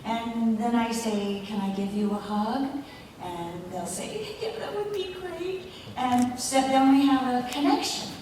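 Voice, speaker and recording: A woman voice actor speaking on a convention panel, reflective and halting, with pauses and fillers. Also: fairly high pitch, darkish tone, slight background noise. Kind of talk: panel talk. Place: large convention hall. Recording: echoey hall, mic far off.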